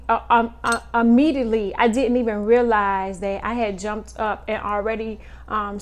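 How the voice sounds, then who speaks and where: Woman, 30s, vlogging mom; unhurried, halting delivery, lots of ums, mid-pitched. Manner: slow, halting, many fillers and pauses. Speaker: mother vlogger. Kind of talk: personal reflective monologue.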